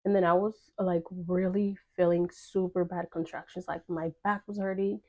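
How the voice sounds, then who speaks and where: Young woman telling a story to her viewers, kinda low and warm voice, acts out what people said. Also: flat delivery, moderate pace. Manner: chatty, filler-heavy, acts out quoted dialogue. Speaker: vlogger telling a personal story. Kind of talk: casual storytime chat.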